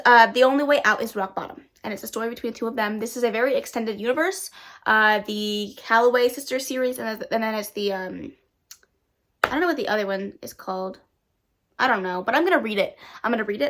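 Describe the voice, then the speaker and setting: A young woman, chatting casually and excitedly to her viewers about books she plans to read. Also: on the high side. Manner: bubbly, self-hyping, talks to viewers directly. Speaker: booktuber. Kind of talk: casual chat.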